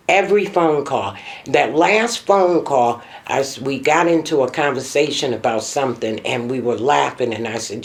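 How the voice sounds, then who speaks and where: A middle-aged woman, the mother in a documentary interview, reminiscing emotionally with her pitch sometimes rising sharply. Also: unhurried.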